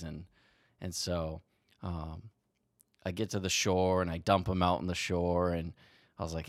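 A man co-hosting a podcast, telling a long story in an animated way and swearing freely. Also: low-pitched, normal speed, dry recording, clean studio sound. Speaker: podcast co-host. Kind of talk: casual storytelling chat.

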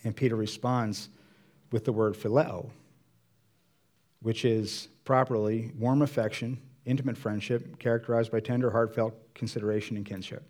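A pastor giving a sermon in a conversational way, acting out Bible dialogue with changes of voice. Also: male voice, mid-range voice, fairly even intonation, normal speed, darkish tone.

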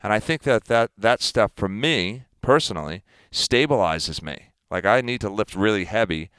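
A man in his fifties, a guest athlete, talking in a casual interview in an emphatic, animated way. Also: on the low side, moderate pace, clear, resonant tone, no room sound. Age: 50s.

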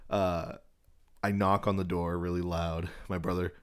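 Young guy with a really low voice, crude animated storyteller on a podcast, laughs a lot. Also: measured pace, clean tone. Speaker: podcast co-host. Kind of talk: casual chat, storytelling.

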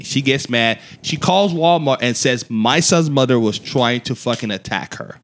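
A man telling a long personal story in a podcast chat, animated and profane, acting out the voices he quotes. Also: mid-range voice, moderate pace. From Louisiana. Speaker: podcast guest. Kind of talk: casual storytelling.

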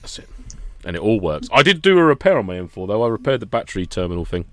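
A man's voice: fairly low pitch, fast, no room sound. A man telling stories in casual podcast chat, swearing freely and laughing often. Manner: animated storyteller, swears, laughs a lot.

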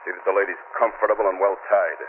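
An actor playing a gangster boss just out of prison, talking in a mock-polite, sneering way in 1940s radio acting. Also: male voice, sits low, steady tone, fast, close to an everyday voice. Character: gangster boss, smooth and menacing. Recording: tinny, hissy old radio broadcast.

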